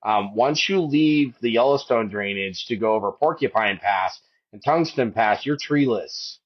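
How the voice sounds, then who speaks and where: A man's voice: expressive, measured pace, highs cut off. A man of about fifty, a podcast guest, telling a hike story with emotion, rambling through many restarts. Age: 50s. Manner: rambling, with many restarts, and raises his voice high to quote his wife.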